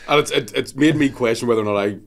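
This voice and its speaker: A man's voice: medium pitch, very fast. A Scottish man, a guest on a podcast, telling sweary, rambling stories in casual chat.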